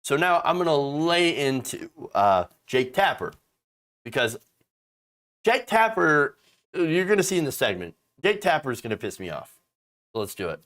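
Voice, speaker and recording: Male political host, lively swooping pitch, fairly high voice, swearing and exasperated. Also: moderate pace. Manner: profane, exasperated, mocking. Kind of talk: ranting political commentary.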